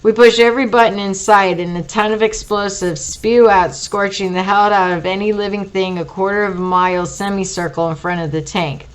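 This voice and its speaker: A woman's voice: mid-range voice, fairly even intonation, brisk, hardly any pauses, poor audio. A woman reading a first-person audiobook aloud, with profane, wry, casual asides. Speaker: audiobook reader.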